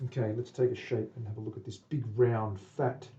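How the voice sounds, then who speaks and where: An Australian guitar maker live-streams a build from his woodworking workshop, casually narrating as he works, muttering under his breath and tossing asides to viewers. His mid-range voice is dark, fairly quick and fairly even in intonation. The distant, muffled recording carries slight background noise.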